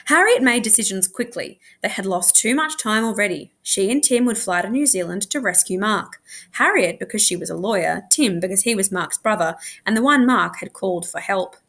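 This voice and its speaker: A woman teacher reading a children's book aloud with expressive storytelling. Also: medium pitch, moderate pace.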